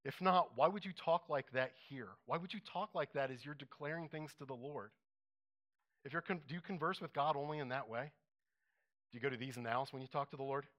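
A man's voice: mid-range voice, fairly quick, muffled recording. A man preaching a conversational sermon to a congregation, often asking them questions.

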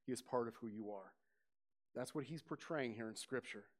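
Male pastor, lively sermon delivery, questions to the room. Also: mid-range voice, normal speed. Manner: animated preaching, questions to the congregation, rising loud on quoted scripture.

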